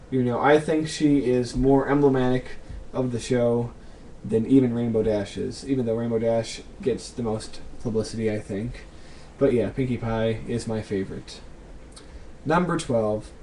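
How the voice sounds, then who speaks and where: A young man answering viewer questions in a casual vlog, thinking aloud with lots of ums and pauses. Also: medium pitch, warm tone, a little hiss or hum.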